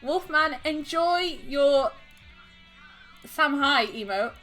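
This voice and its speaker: A woman's voice: high voice, lively intonation, very slow, pushed and bright, soft background music. A woman hosting a live stream, chatting with viewers, laughing often and gushing with overwhelmed thanks. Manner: giggly and effusive, laughing often. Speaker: livestream host.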